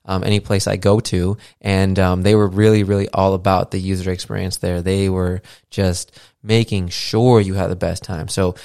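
Man, podcast host, casual rambling monologue, lots of fillers, curses casually, low voice. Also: level tone, normal speed, creaky, darkish tone, clean tone, no echo, clean studio sound. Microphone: podcast mixer with studio mic.

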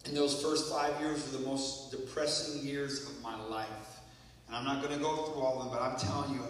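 A man's voice: medium pitch, flat delivery, brisk, a little hiss or hum. A minister reading a story aloud in an earnest, emotional way, then reflecting on his own experience. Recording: echoey hall from far off.

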